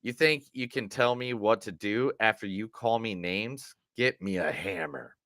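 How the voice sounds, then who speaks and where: A man putting on a Southern accent to play assorted rough small-town movie characters, drawling his line readings. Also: on the low side, measured pace, a bit bright, dry recording, clean studio sound. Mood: gruff. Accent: Southern US put-on.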